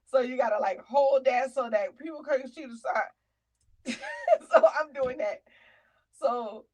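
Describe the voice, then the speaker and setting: A woman comedian hosts her own show, telling a personal story in a chatty, animated way. She sits a little high for a woman and calls listeners honey and child. She drifts into a preacher-like testimony about faith. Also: takes it slowly, rough recording.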